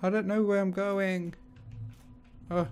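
A man's voice: high voice, level tone, slow, darkish tone, slight background noise. A young man nervously narrating his own horror game playthrough, talking to himself and asking the same questions again and again. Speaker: gaming YouTuber. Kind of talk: horror game let's play commentary.

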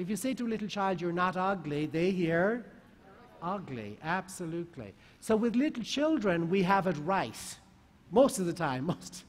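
High-voiced man speaking in a hall. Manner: lively, rhetorical questions to the audience. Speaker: conference speaker. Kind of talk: talk to a live audience. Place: large conference hall. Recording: long hall reverb.

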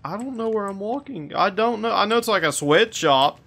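A man's voice: high voice, animated, normal speed, creaky. Panicky swearing man playing a horror game. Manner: panicky, swearing, yelling at enemies. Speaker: gaming video creator. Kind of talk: frantic horror game commentary.

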